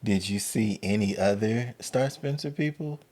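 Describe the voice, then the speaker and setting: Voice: medium pitch, unhurried, darkish tone. A podcast host asking questions and giving short encouraging responses. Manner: brief encouraging backchannels. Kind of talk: interview questions.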